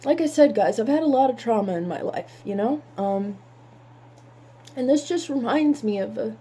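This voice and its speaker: A woman telling a painful personal story in halting words, holding back tears. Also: on the high side, animated, mellow, slightly rough.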